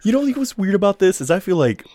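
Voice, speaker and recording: A man's voice: high voice, sing-song, fast, crowd noise. A man hosting a podcast in casual chat, joking, rambling and laughing often. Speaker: podcast host.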